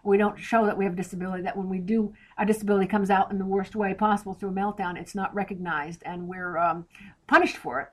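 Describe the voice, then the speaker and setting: A woman's voice: medium pitch, steady tone, fast talker. A woman guest on a podcast interview, explaining plainly and directly, step by step.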